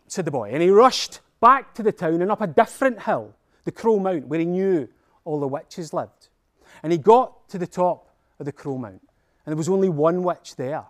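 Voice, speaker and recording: A man with a Scottish accent telling a folktale in a playful, animated way. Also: on the high side, moderate pace. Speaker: storyteller. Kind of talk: folktale storytelling.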